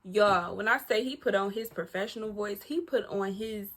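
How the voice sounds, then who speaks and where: A woman telling a personal story to her viewers in a casual, animated, profane way, acting out the dialogue as she goes. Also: medium pitch, normal speed, a little hiss or hum. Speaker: storytime vlogger.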